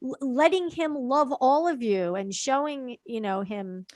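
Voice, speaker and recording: A woman co-hosting a casual talk show, chatty and quick to agree, retelling scenes and quoting people. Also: sits high, darkish tone, no room sound, studio quality. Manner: chatty, agrees often, quotes people with voices. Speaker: podcast co-host. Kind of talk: casual chat recapping a reality show.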